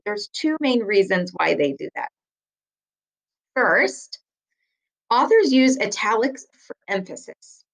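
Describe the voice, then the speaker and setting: A woman teacher giving a recorded writing lesson, explaining patiently and clearly, slowing down to stress key words. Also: medium pitch, rough recording.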